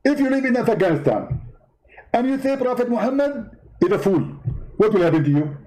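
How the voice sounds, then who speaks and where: A man's voice: very high-pitched, very animated, warm tone, pitched above the performer's own voice, poor audio. A man putting on the voice of a pompous male preacher who scolds and insults his debate opponent in a parody skit. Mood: scolding. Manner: haughty, scolding, quick to insult.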